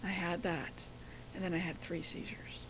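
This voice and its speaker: Woman telling a story in a lowish voice. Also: normal speed, noisy background. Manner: animated storytelling, acting out quoted voices. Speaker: guest.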